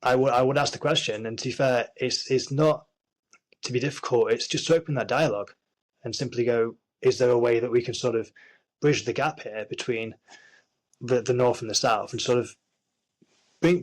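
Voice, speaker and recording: Man, Yorkshire accent, interview guest, earnest, frequent restarts, mid-range pitch. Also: brisk, low-quality recording. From Yorkshire, England. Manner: earnest, many restarts and fillers. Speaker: actor and screenwriter, guest. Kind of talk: casual interview chat.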